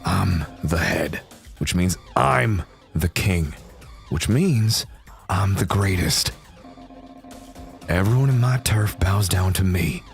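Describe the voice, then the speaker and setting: A man voicing a brash, cocky young male gang leader in his twenties, shouting and swaggering in a wobbly put-on Southern drawl. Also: sits low, slow, creaky, long pauses, soft background music, heavily acted. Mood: boastful, threatening. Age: 20s.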